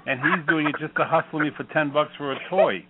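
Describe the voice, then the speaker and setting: A man's voice: on the high side, fast, very noisy. An older man hosting a call-in radio show, talking bluntly, sarcastic and profane. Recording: phone-like line.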